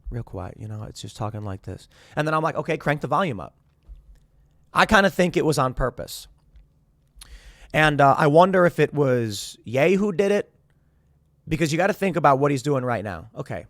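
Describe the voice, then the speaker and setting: A man's voice: fairly high pitch, normal speed, pauses often, no echo, clean studio sound. A man in his thirties hosting a show, talking casually and rambling through restarts as he recounts a guest's exit. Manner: rambling, restarts, quotes others in animated asides. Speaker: show host. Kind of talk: casual commentary to camera.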